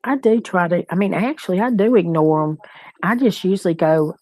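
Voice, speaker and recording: Woman stream co-host, low-pitched, dry close sound, laughing and chatty. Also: normal speed, a little mellow, no echo. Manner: chatty, laughing, talks straight to viewers. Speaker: livestream co-host. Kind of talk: casual live-chat talk.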